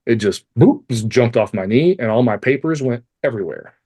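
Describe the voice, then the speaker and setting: With a husky, medium-pitched voice, a man in his forties talks a little fast as he tells a personal story as a podcast guest. A life coach, he speaks candidly and animatedly, swearing freely and making fun of himself.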